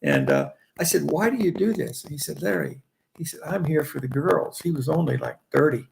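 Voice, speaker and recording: A man's voice: on the high side, sing-song, fairly quick, vocal fry, poor audio. A man in his eighties from Indiana, a veteran trader telling long, rambling stories and chuckling as he remembers. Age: 80s. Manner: chuckling, restarts phrases while reminiscing. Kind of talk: rambling anecdotal storytelling.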